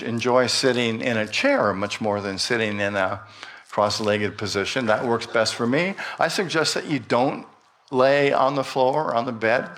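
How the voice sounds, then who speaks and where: Slow, gentle man leading a meditation. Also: medium pitch. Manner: slow, gentle and unhurried, with light humor. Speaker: minister. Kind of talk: sermon with guided meditation. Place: church sanctuary.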